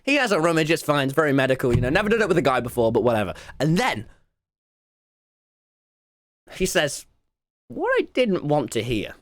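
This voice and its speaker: A young man, telling a story to his live stream chat in an excitable way, dropping to mumbled asides and rising to loud yelps, and swearing freely. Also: fairly high pitch, brisk, pauses often, no room sound, studio quality. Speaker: livestreamer.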